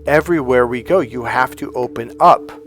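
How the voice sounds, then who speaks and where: A man in the role of a dating coach, telling a story in a lively way. He acts out each person's lines as he goes and swears freely. His voice sits at an ordinary middle pitch for a man. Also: moderate pace, faint music behind. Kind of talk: storytelling monologue to camera.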